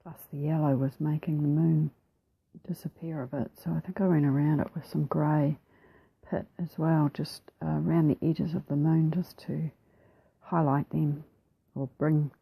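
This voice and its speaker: A woman with a New Zealand accent narrating her craft process over a time-lapse, soft-spoken and relaxed, often slipping into a whisper, a little self-deprecating. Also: low voice, normal speed, creaky, husky, muffled recording. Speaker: mixed media artist.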